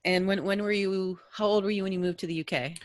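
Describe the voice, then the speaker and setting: A woman's voice: medium pitch, fairly even intonation, fast. A woman from the United States hosting a podcast, chatting casually and laughing often. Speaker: podcast host. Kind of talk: casual interview chat.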